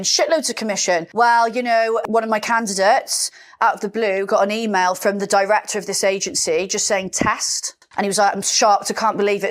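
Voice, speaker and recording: A woman co-hosting a podcast, talking bluntly in casual chat, swearing freely and acting out quotes. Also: mid-range voice. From Britain. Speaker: podcast co-host.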